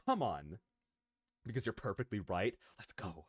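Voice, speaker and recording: A man streaming as a VTuber, chatting casually with his viewers in an excitable, rambling way, drifting off on tangents and laughing often. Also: fairly low pitch, moderate pace, breathy edge, no room sound, clean studio sound. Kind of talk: casual live-stream chat, answering viewers.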